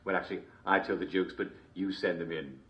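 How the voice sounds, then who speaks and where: A man's voice: low voice, steady tone, fairly quick, dull audio, natural voice. A man playing a jovial, constantly chuckling TV host, mock-cheerful and smarmy. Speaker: show host. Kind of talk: comedic character monologue.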